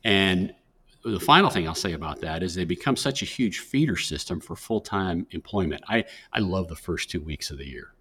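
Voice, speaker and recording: A middle-aged man talks through career advice in an earnest, conversational way, often restarting his sentences. His voice sits very low and has a husky edge. He speaks as a guest on an interview podcast. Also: animated, moderate pace, a bit bright. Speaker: career services director, guest.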